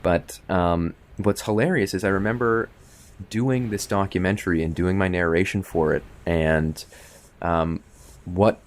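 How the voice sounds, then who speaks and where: A man's voice: sits low, fairly even intonation, measured pace. A man co-hosting a film podcast, telling reflective stories in casual chat. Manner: reflective storytelling, laughs often. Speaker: podcast co-host, filmmaker.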